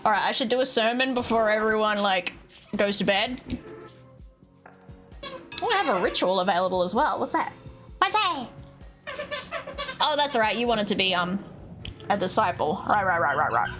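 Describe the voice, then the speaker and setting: A woman streaming a game, chatting casually and jumping into high squeaky tones when excited. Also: moderate pace, pauses often. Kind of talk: casual gameplay commentary. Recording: music playing behind.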